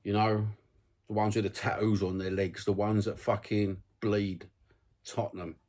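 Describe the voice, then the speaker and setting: A man's voice: fairly low pitch, flat delivery, unhurried, a little mellow. A young man with a London accent, ranting bluntly to camera about football content, swearing freely in a conversational way.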